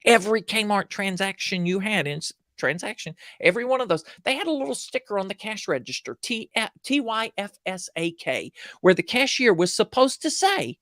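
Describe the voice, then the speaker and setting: A man as a guest speaker, telling animated, earnest stories in conversation and acting out bits of dialogue. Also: sits high, normal speed, few pauses, no echo, studio quality. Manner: earnest, animated storyteller who acts out quoted dialogue. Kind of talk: storytelling conversation on a livestream show.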